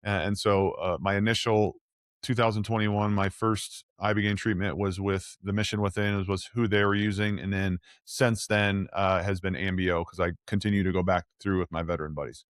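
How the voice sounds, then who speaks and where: In a casual interview, a guest in his forties who once played offensive line in the NFL recounts his story, animatedly performing the voices of people he quotes. He has a deep, smooth voice at a moderate pace. The sound is dry, studio-quality.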